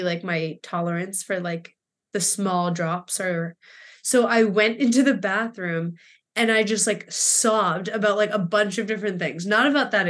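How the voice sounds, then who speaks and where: Near tears and emotional, a twenty-something podcast co-host rambles through a story in casual chat, using plenty of fillers and quoting dialogue. Her voice is mid-range with a fairly bright tone.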